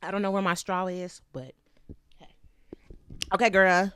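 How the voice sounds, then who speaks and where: A woman's voice: medium pitch, flat delivery, a little slow, long pauses, fairly bright tone. A woman hosting a show in a casual chat, candid and profane, laughing often as she rambles while walking and tending her baby. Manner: candid and profane, with loose chatty tangents. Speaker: host.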